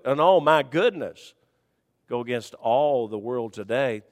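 A man preaching a sermon in a folksy, conversational way, dropping to quiet murmurs and rising to high shouts. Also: animated, measured pace, in a large hall.

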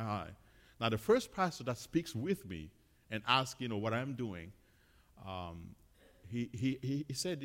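Missionary man with a lowish voice, halting, filler-heavy church talk, echoing sanctuary. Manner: chatty, many fillers and restarts, laughs often.

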